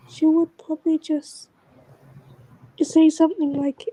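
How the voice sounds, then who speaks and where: A woman vlogger talking in a casual, rambling monologue that often drifts into soft whispers. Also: high voice, steady tone, measured pace, pauses often, no room sound, rough recording.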